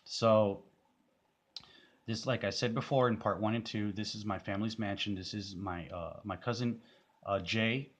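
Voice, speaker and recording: A man's voice: fairly low pitch, fairly even intonation, normal speed. A man giving casual, rambling commentary on a music video, full of fillers and restarts.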